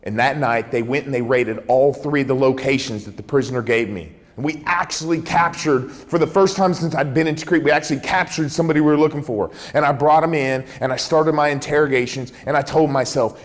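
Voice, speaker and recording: A man's voice: medium pitch, a little fast, few pauses. A man giving a dramatic storytelling talk as a keynote speaker, acting out the dialogue he recounts. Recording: echoey hall reverb.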